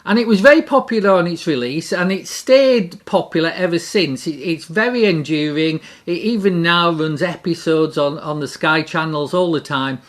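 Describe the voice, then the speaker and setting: A middle-aged speaker giving a devotional talk in an animated way, repeating key phrases for emphasis. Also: mid-range voice, normal speed, few pauses.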